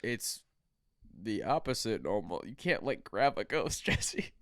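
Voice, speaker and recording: A man co-hosting a comedy podcast, excitable and profane, riffing off his co-host. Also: fairly low pitch, unhurried, no room sound, clean studio sound. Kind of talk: crude comedic podcast banter.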